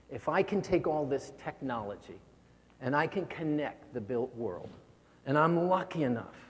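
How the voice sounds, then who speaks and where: A man's voice: mid-range voice, darkish tone. A man giving a motivational keynote speech, earnest and prone to repeating words when stirred. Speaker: keynote speaker. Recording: long hall reverb.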